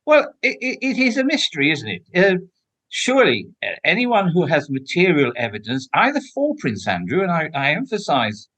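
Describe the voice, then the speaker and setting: A man's voice: a little high, big pitch swings, normal speed, fairly bright tone. An older man, a former royal protection officer, answering interview questions in an emphatic, outspoken way with frequent restarts.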